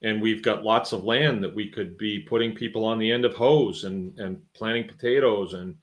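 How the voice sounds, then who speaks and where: A man's voice: lowish voice, fairly even intonation, moderate pace. A middle-aged man hosting his own farm show, talking in a folksy, rambling, conversational way with lots of fillers. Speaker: podcast host and farmer. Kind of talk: casual monologue.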